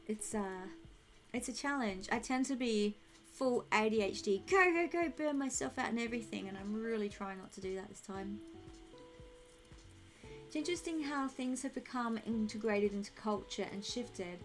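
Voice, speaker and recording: A young woman streaming a game, chatting casually and thinking aloud while she answers her chat. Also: medium pitch.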